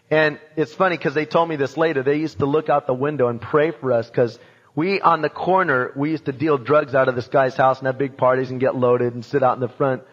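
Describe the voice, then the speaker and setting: Man telling his testimony in a hall. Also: mid-range voice. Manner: animated, acts out voices and sounds in his story. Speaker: speaker giving a testimony. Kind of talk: personal testimony storytelling. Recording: dull sound in a reverberant hall.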